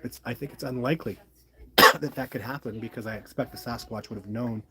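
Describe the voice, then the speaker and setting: A middle-aged man talks casually on a livestream, reading viewer comments aloud and answering them. He is chatty and a little apologetic, and his voice sits at an ordinary, middle pitch. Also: steady tone, brisk, husky. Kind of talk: casual live-stream chat.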